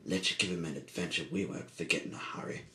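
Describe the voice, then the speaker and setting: A man's voice: low voice, fast, pushed and bright, slight background noise. A man doing sneering diesel-engine kidnappers. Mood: menacing. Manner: menacing, sneering. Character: two menacing male diesel engine kidnappers. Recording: echoey room.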